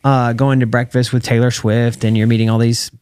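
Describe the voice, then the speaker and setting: A man in his thirties with an American accent, a retired champion calf roper turned entrepreneur, guests on an interview show. His mid-range voice is clear and resonant, fairly quick, with no room sound, as he tells stories casually and animatedly acts out the quoted dialogue.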